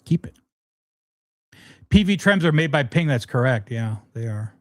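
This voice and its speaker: A man's voice: mid-range voice, lively intonation, measured pace, a bit bright, dry recording. Rambling, frank guitar-stream man. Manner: rambling, frank, restarts often, says man a lot. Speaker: guitar livestream host. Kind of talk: casual livestream chat answering viewers.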